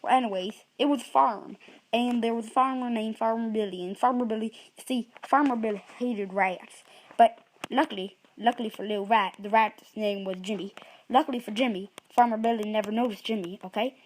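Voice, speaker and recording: A woman with a fairly high voice makes up a farm story on the spot. She rambles, stops to puzzle over names, and corrects herself as she goes. There is a faint hiss behind her. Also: fairly quick, low-quality recording. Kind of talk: improvised storytelling for a puppet app.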